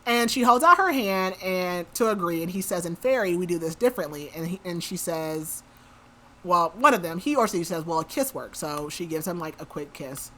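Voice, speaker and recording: Retelling a novel for her podcast, this woman speaks at normal speed with a lower, expressive voice and a fairly bright tone. Slight background noise is present. Her casual book recap is chatty and full of "like," with character lines delivered in her ordinary voice.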